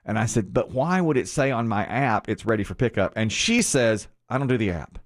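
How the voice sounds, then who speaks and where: A man hosting a morning radio show, telling a story in an animated way and acting out the quoted lines. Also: mid-range voice, a little fast. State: sweaty from the gym.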